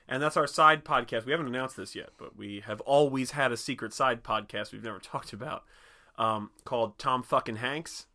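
A man co-hosting a podcast in casual chat, animated and joking, swearing often and laughing a lot. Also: medium pitch, moderate pace. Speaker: podcast co-host.

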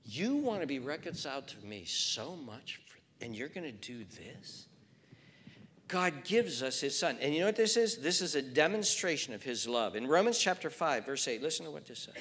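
A male pastor preaching a sermon. He reads scripture and builds emphatically from quiet to fervent. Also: medium pitch, big pitch swings, moderate pace, long reverb tail.

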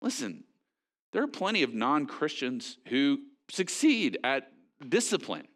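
A man preaching a sermon in a conversational, animated way, with frequent fillers and restarts. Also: medium pitch, a little slow. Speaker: pastor.

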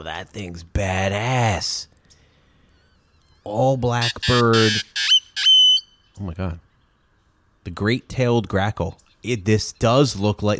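A man's voice: fairly low pitch, a little hiss or hum. A man giving casual reaction commentary on bird sounds, joking, exclaiming and swearing.

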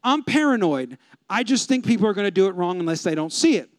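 Pastor in his 30s, high smooth voice, dry close sound, comic storyteller who talks to the congregation. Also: fast talker, no echo. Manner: animated, humorous, addresses the congregation. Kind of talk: storytelling sermon.

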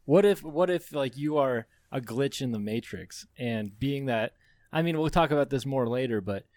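Male podcast co-host, mid pitch, dry recording, casual and inquisitive. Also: animated, a little mellow, dry recording. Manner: quick reactions, curious questions. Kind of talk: casual chat.

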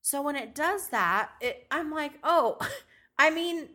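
Chatty woman co-host, bright tone, animated storyteller. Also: sits high, measured pace. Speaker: podcast co-host. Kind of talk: casual chat.

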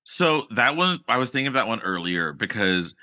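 A man co-hosting a podcast in casual chat, animated and playful. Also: medium pitch, normal speed. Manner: animated, playful, jumps into silly bits. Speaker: podcast co-host.

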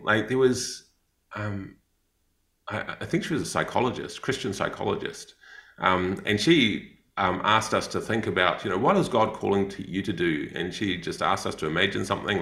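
A New Zealand man with a low, gravelly voice that still comes through bright and forceful. He tells stories in an unhurried, rambling way, full of ums and restarts, and the sound carries a roomy echo. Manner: rambling, many fillers and restarts. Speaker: podcast co-host, missionary. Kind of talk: casual storytelling chat.

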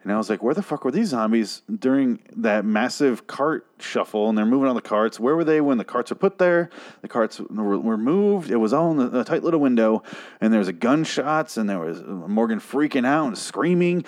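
A hoarse man reviewing a TV episode in a casual, rambling way, swearing and restarting his sentences in exasperation. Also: mid-range voice, sing-song, brisk, darkish tone.

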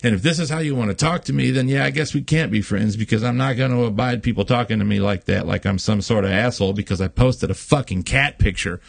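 A man's voice: mid-range voice, fast, vocal fry, hardly any pauses, husky. A man hosting a podcast, telling a long story in casual chat, rambling with many fillers and frequent swearing. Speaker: podcast host.

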